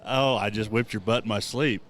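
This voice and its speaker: Laid-back Kansas bulldogger. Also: male voice, fairly low pitch, fairly quick, fairly bright tone. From Kansas, USA. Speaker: guest, rodeo bulldogger. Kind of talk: casual chat.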